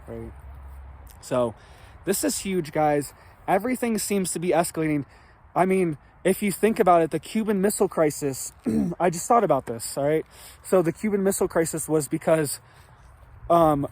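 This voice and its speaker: Animated man ranting about the news. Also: fairly high pitch. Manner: animated, rhetorical, keeps asking "right?". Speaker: news commentary host. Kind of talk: casual news rant to viewers.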